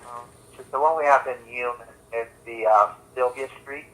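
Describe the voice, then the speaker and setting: A man's voice: medium pitch, moderate pace, a bit bright. A man answering as a corporate phone representative, hesitant and careful with many fillers, heard through a phone line. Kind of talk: customer service call.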